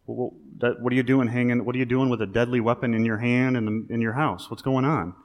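A male pastor giving a sermon, talking in a conversational, animated way that rises into emphasis. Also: medium pitch, fast. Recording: long reverb of a large hall.

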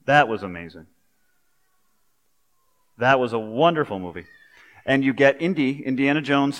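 A man delivers a sermon in a large hall, his voice sitting at medium pitch. His style is chatty and lively, built around storytelling with pop culture nods and everyday asides.

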